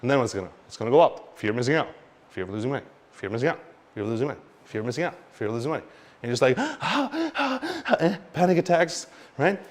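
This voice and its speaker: A man teaching about crypto market cycles in an animated, expressive way, swinging between loud and quiet and mimicking panicked investors. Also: medium pitch, rapid-fire. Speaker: crypto educator. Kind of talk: explanatory talk to camera.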